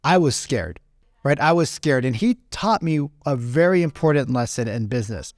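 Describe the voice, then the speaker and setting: A man's voice: medium pitch, animated, moderate pace, no room sound, studio quality. A man around forty telling a rambling business story in a casual talk and keeping on asking "right?". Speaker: business speaker.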